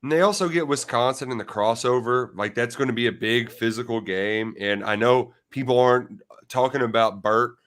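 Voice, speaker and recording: A man with a middle-pitched voice banters about college football picks on a podcast. His tone is playful and jokey, and he often pokes fun at himself. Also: normal speed, a bit bright. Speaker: podcast co-host. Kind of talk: casual sports betting chat.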